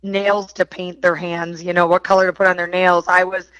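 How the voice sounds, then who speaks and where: A woman's voice: lowish voice, little pitch movement, normal speed, a bit bright, clear, resonant tone, dry recording, dull audio. A middle-aged woman from Wisconsin with a Wisconsin accent, a podcast guest chatting casually and animatedly, laughing often. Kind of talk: casual chat.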